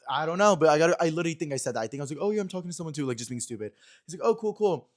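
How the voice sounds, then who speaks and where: A man's voice: fairly high pitch, lively intonation, very fast. A young man hosting a podcast in a small room, chatting casually and acting out quotes as he retells a story. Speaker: podcast host.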